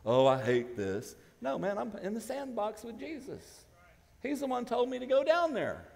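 Gravelly preaching pastor in a hall. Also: male voice, very high voice, sing-song, moderate pace. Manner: preaching with rising, shouted emphasis. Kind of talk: sermon. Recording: church hall with long reverb.

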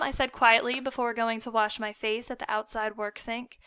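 Woman, audiobook narrator, expressive, forceful bright tone, dry close recording. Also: on the high side, moderate pace, few pauses, clean tone, no echo. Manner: lively, expressive storytelling. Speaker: audiobook reader. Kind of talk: first-person audiobook narration.

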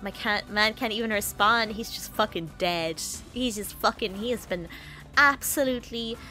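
A woman's voice: mid-range voice, moderate pace, pushed and bright, soft background music. A woman streaming a video game, sniffly with a cold, swearing, laughing and making mock threats at the characters. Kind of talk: live game stream chat.

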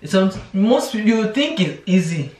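A woman's voice: medium pitch, sing-song, moderate pace, a little mellow, slight background noise. A young woman, chatting casually to camera as a vlogger. She restarts her sentences often and slips into quoted voices. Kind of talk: casual confessional chat to camera. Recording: roomy, voice from a distance.

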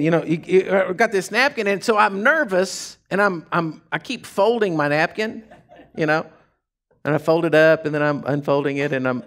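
A pastor with a high-sitting male voice preaches a sermon full of folksy stories in a casual drawl. He swings between hushed asides and fired-up shouts.

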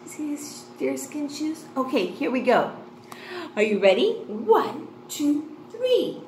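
Woman kindergarten teacher, high, lively sing-song delivery, echoey room. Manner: slow, sing-song and excited, gasping with delight. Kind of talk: online lesson for young children. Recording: echoey room with faint noise.

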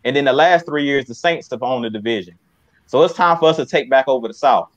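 A man's voice: mid-range voice, quick pace, no room sound. A man co-hosting a sports talk show, giving an emphatic, fired-up pep talk. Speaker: podcast co-host. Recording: dry, slightly muffled mic.

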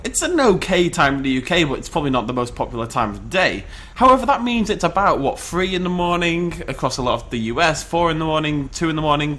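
A British man giving excited, chatty commentary on a dinosaur survival game, breaking into laughs and shouts. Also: fairly high pitch. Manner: animated, shouts and laughs in bursts. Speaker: gameplay commentator. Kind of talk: excited let's-play commentary.

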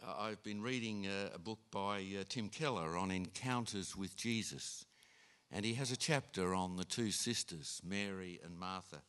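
A man preaching a sermon in an unhurried way, with frequent restarts and fillers. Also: deep voice, fairly bright tone, clean tone. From Australia. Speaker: pastor.

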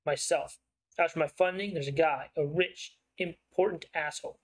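Shrewd, persuasive writer from a story game, coaxing secrets out with smooth, probing talk, read out by a man. The voice is slightly high, the same everyday voice as the reader's own. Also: fairly even intonation, moderate pace, close to an everyday voice, rough recording.

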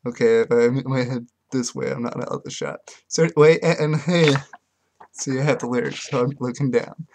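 A man with a halting, hesitant way of talking who earnestly sings his own comic love song unaccompanied, recorded on a webcam. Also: mid-range voice, a little mellow, a little hiss or hum. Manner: hesitant, halting speech with fillers. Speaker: amateur songwriter.

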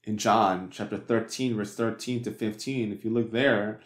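A man's voice: lowish voice, fairly even intonation, normal speed. A man preaching a sermon as pastor, talking conversationally with many fillers and restarts and asking the congregation rhetorical questions. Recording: echoey church hall.

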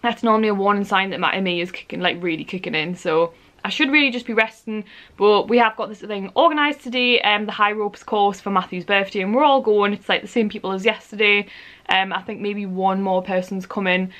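A woman's voice: medium pitch, steady tone, brisk, fairly bright tone. A young woman talks straight into a handheld camera in a room at home. She sounds tired and rambles in a chatty, apologetic way. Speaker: vlogger. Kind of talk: casual vlog chat to camera.

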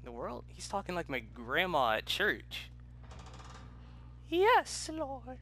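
Bright-voiced young gamer yelling at the screen. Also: male voice, mid-range voice, expressive, normal speed, slight background noise. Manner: rambling, with loud yelled outbursts. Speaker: gaming YouTuber. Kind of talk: let's play commentary. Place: home room.

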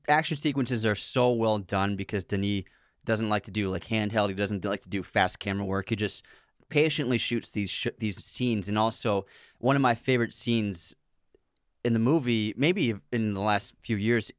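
A man co-hosting a podcast in casual chat, who gets excited and laughs easily. His voice is smooth and clear. The sound is close and dry. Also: lowish voice, dry recording. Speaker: podcast co-host.

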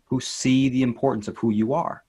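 A man speaking as an inner child life coach in an interview, earnest and gently encouraging, repeating phrases for emphasis. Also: medium pitch, steady tone, moderate pace, slightly rough. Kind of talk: interview guest, reflective talk.

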